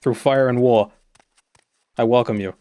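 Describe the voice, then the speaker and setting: A man's voice: mid-range voice, steady tone, a little slow, warm tone, no room sound, highs cut off, natural voice. A man doing a grandiose villainous ancient lord. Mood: solemn.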